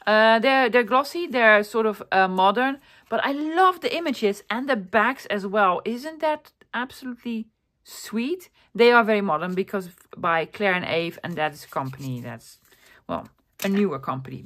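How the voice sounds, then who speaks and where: A woman's voice: medium pitch, fairly bright tone. A woman chatting through a show-and-tell of her vintage finds. She sounds enthusiastic and rambles a little, full of ums, restarts and little exclamations, with a mid-range voice. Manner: enthusiastic, rambling, with many fillers and self-corrections. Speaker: vlogger showing a thrift haul.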